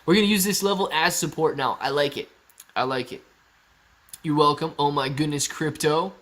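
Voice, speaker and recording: A man's voice: a little high, moderate pace, a bit bright. A young man from Ohio hosting a casual stock livestream, reading chat comments aloud in an upbeat, jokey way.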